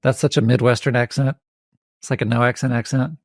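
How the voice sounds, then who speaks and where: A man's voice: medium pitch, steady tone, fairly quick, dry recording, studio quality. A man hosting a podcast, chatting casually and joking with his guests. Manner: joking, playful. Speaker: podcast host.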